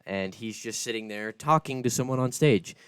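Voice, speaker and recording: A man's voice: mid-range voice, moderate pace, clear, resonant tone, dry recording. A man narrating a tabletop game as game master, laid-back and descriptive, on a close podcast mic.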